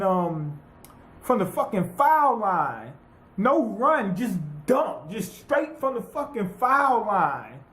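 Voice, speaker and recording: A man's voice: sits high, reverberant. A man giving a casual, profane, rambling recap of an anime episode as a reviewer. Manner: profane, rambling, animated retelling with quoted voices.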